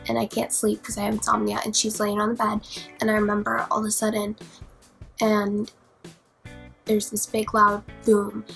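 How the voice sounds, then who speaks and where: A young woman vlogger telling a scary personal story in a dramatic, profane way, dropping to whispers and rising to near-shouts. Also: mid-range voice, completely flat delivery, moderate pace, vocal fry, pauses often, faint music behind, low-quality recording. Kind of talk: storytime vlog.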